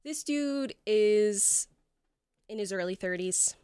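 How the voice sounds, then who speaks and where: A woman's voice: medium pitch, animated, slow pace, dark tone, a little hiss or hum. A woman narrating as game master, casual and rambling with fillers.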